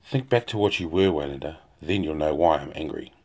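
A man reading the lines of a weary, proud male assassin hunter in a grim, measured way. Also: rumbling low, lively intonation, a little mellow. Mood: earnest. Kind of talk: audiobook dialogue reading.

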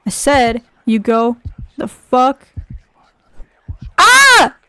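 In a dry recording, a young gaming creator speaks slowly in a fairly high voice. She provides casual commentary on a horror game, muttering sarcastically to herself and cursing a lot.

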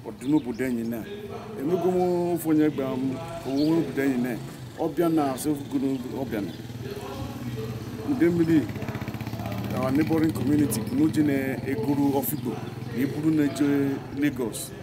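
A man explaining a community training program in an unhurried manner, mixing Igbo with English. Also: mid-range voice, steady tone, noisy background. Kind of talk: community speech.

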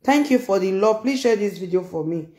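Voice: mid-range voice, expressive, brisk, darkish tone. Exclamatory Nigerian commentator in an echoey room. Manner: exclamatory, repeats phrases, mixes Pidgin and Yoruba. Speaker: social media commentator. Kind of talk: casual reaction commentary.

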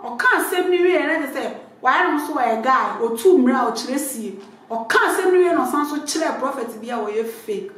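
A Ghanaian woman comedian delivering an animated comic rant that keeps repeating itself in sudden loud bursts. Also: high voice, moderate pace. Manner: animated, repetitive, shouty bursts. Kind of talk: comic rant mixing English and Twi. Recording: very echoey room.

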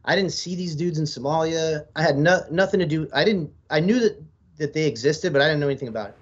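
Speaking at a quick pace in a slightly high voice, a forties-aged American veteran on a podcast tells long, wandering stories laced with profanity, laid-back throughout. The recording is a little dull and lo-fi.

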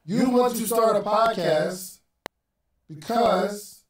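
A man hosting a casual livestream about podcasting, excitable and chatty, often repeating his phrases to the viewers. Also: high-pitched, takes it slowly, a little hiss or hum. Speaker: podcast host giving advice.

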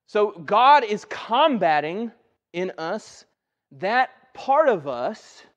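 A man's voice: high-pitched, big pitch swings, very slow, fairly bright tone, lo-fi sound. A male pastor giving a sermon in a church, talking conversationally and often checking in with "right?". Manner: conversational, keeps asking "right?". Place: church sanctuary.

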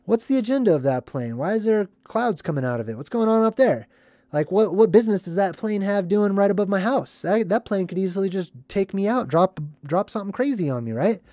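A casual vlogger explains a movie in a loose, rambling way and keeps asking "right?". The voice sits at a middle pitch. The recording is dry and close, with almost no room sound. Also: brisk, dry recording. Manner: animated, rambling, acts out scenes in put-on voices. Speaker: movie commentary host. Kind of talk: casual movie breakdown commentary.

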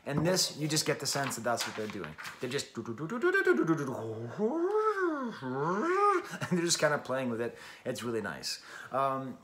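A man's voice: medium pitch, wildly swooping pitch, moderate pace, sharp tone, slight background noise. A man hosting a casual music review, talking enthusiastically and chattily with self-deprecating asides.

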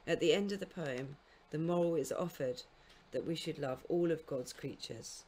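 A woman giving a recorded literature lecture to school students, explaining in a measured way and now and then correcting herself mid-phrase. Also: low voice, a little mellow, husky. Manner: speaks scansion aloud in sing-song beats. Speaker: university lecturer.

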